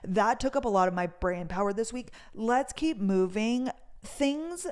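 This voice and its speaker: A woman's voice: a little high, unhurried. Chatty young woman telling a story. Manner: chatty, swears freely, lively retelling. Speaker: vlogger. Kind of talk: casual storytime vlog.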